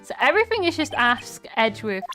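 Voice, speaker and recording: A woman's voice: a little high, big pitch swings, fairly quick, music in the background. A woman streamer thinking aloud while playing a game, muttering to herself at a desk mic. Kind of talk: let's-play commentary.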